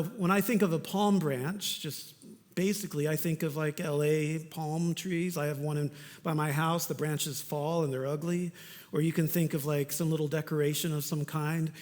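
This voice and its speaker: A man's voice: on the high side, big-room sound. A male pastor delivering a sermon in an earnest, conversational way, with casual asides.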